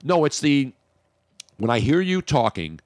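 A man's voice: medium pitch, sing-song, a little slow, dry recording. A man hosting a radio talk show, from the Philadelphia area, rambling and joking as he talks. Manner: rambling, joking, self-interrupting. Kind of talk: casual radio banter.

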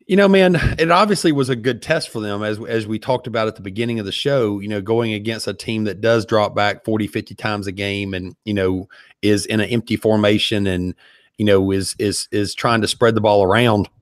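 A man's voice: fairly low pitch, fairly even intonation, fairly quick, no echo, clean studio sound. A man co-hosting a sports podcast, analyzing the game in casual chat with many hesitant fillers. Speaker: podcast co-host.

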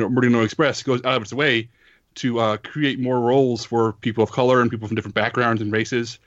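Man, podcast co-host, measured and reflective, dry close sound, slightly dull lo-fi audio. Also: mid-range voice, fairly bright tone, no echo. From raised in the United States. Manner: measured, thoughtful, with filler words. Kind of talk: casual discussion.

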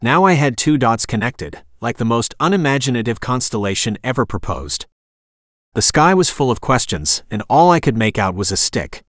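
A man reading a first-person audiobook narration in a wry, expressive manner. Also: medium pitch, moderate pace, no room sound, studio quality.

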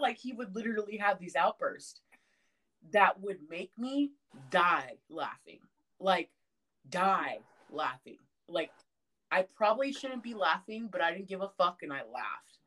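Profane, animated young woman storyteller. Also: on the low side, unhurried. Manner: profane, animated storytelling with loud outbursts and laughter. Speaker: podcast co-host. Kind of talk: casual chat.

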